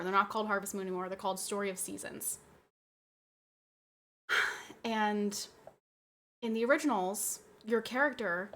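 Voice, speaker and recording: A young adult woman streaming and chatting with her viewers, ranting in an animated way and swearing freely. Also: mid-range voice. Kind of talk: casual livestream chat.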